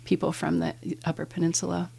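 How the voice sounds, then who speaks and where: A woman from Ohio with a lowish, gravelly voice answers interview questions as an English professor. She explains things carefully and pauses often with "um." Her delivery is measured and thoughtful. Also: level tone, dark tone.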